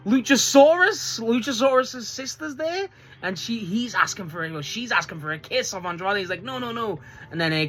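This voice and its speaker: Casual male reviewer, excitable and profane, laughs through his sentences, rambles with restarts. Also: high-pitched. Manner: excitable, swears often, laughs mid-sentence; rambling, full of restarts and filler. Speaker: wrestling reviewer. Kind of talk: casual spoken show review.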